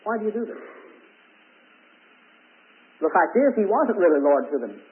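A man's voice: sits high, sing-song, normal speed. A man preaching a sermon with emphatic rises on key words. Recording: tinny phone-like old recording.

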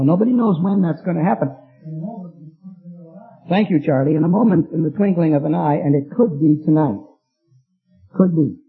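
Husky high-voiced preacher teaching a Bible study. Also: male voice. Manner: conversational, quizzes the congregation. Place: church meeting room. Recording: tinny phone-like lo-fi recording, faint music.

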